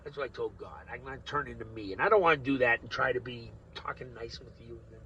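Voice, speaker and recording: A man in a rambling, profane monologue that veers from low mutters to loud outbursts, recorded dull and from a distance. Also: quick pace, a little hiss or hum. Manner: coarse and profane. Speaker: vlogger.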